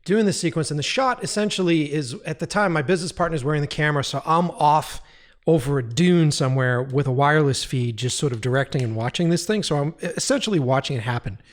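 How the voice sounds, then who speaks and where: A man's voice: fairly high pitch, fast talker. A man in his thirties, a director guest on a podcast, telling stories casually, laughing often and swearing freely. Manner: profane, animated, laughs while telling stories. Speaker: music video director guest.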